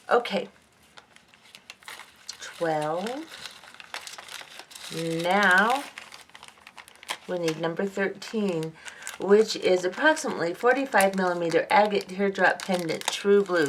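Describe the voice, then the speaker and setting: This woman has a fairly low-pitched voice with a fairly bright tone, and there's slight background noise. She's a jewelry-making vlogger chatting casually at her home craft table under lamps, unboxing beads and reading out and admiring each one.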